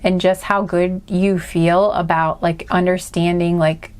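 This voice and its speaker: A woman's voice: lowish voice, level tone, a little slow, a little mellow, smooth. Earnest woman rambling through a card reading. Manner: earnest and gushing, rambling with many restarts and fillers. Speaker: tarot and oracle card reader. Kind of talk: casual spiritual card reading to camera.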